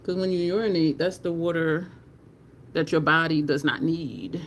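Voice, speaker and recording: A woman's voice: deep voice, fairly even intonation, moderate pace, a little hiss or hum. A teary woman, chatting candidly on a makeup livestream, swearing casually and thanking viewers in chat. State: teary, near crying.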